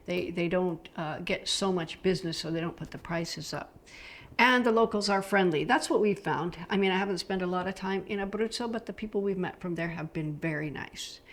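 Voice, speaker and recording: A woman's voice: fairly low pitch, a little fast. A middle-aged woman from the United States chatting casually about travel, enthusiastic and loose, with frequent fillers. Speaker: travel vlogger.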